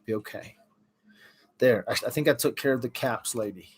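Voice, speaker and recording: A man's voice: medium pitch, moderate pace, a little hiss or hum. A middle-aged man casually chatting on a livestream, reacting to viewers' comments as he talks. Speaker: livestream host.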